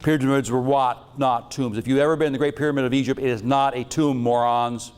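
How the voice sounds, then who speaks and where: A male lecturer working through his slides on mystical subjects in a loose, wandering way. He throws in teasing jokes and blunt asides, and his voice sits at an ordinary middle pitch. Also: fairly even intonation, fast, a little mellow, smooth, in a large hall. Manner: rambling, jokey and irreverent. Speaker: metaphysics lecturer.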